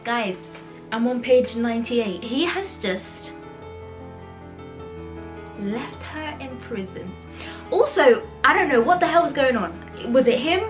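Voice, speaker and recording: A young woman chatting in a casual reading vlog, animated and outspoken, swearing freely as she reacts to a book. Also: fairly high pitch, slow pace, long pauses, faint music behind. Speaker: book vlogger. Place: home, indoors.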